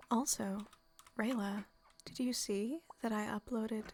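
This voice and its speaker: A woman streaming a game, chatting excitedly and sometimes dropping to a soft whisper. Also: fairly high pitch, a little slow, slight background noise. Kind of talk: casual live-stream commentary. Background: game music.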